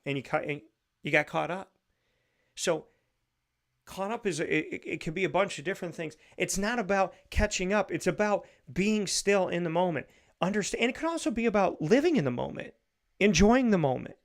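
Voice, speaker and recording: A male show host giving an earnest, repetitive spoken reflection on faith, building to animated bursts. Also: fairly high pitch, quick pace.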